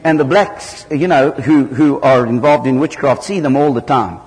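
A man from southern Africa preaching a sermon, telling stories with lively jumps in pitch. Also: moderate pace. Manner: animated storytelling with sudden loud jumps in pitch. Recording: hall reverb.

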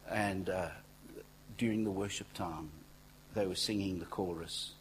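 A man preaching a sermon, telling stories in a conversational way, dropping to near-whispers and then rising to loud exclaiming, with asides to the congregation. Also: sits low, fairly even intonation, unhurried, slight background noise, low-quality recording. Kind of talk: sermon with storytelling.

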